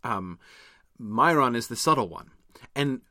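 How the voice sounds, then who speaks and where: Bright-voiced man musing with many fillers. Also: mid-range voice, animated, a little slow, dry recording, clean studio sound. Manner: rambling, thinking aloud with many fillers. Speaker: podcast co-host. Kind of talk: casual discussion.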